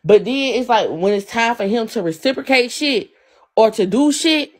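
A woman's voice: on the high side, animated, moderate pace. A young adult woman on a livestream, ranting in a heated, profane, repetitive way and answering her chat. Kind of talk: angry live-stream rant.

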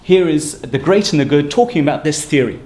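A man giving a university seminar talk, brisk and emphatic in a conversational lecturing manner. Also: fairly high pitch, animated, a little mellow. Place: lecture room. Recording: echoey room with faint ambient noise.

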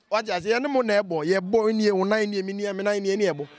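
A man with a Ghanaian accent, an amateur footballer, boasts about his team with animated energy. His voice is high and he talks quickly.

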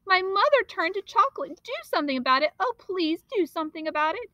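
Woman voicing a young storybook boy, frantic, pleading, high and bright, rushed, dry close sound. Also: sing-song, no room sound, lo-fi sound, heavily acted.

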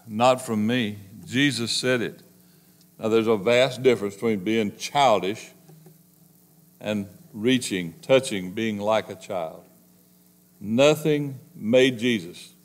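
A male pastor preaching a sermon, speaking emphatically and straight to the congregation, moving between loud stresses and hushed, slowed passages. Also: medium pitch. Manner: emphatic, addresses the congregation directly.

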